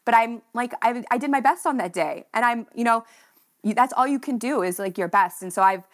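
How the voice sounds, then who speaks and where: A woman's voice: on the high side, fairly quick. A young woman speaking as a podcast guest, telling a personal running story in an emotional, heartfelt way, with many fillers like "like" and "you know".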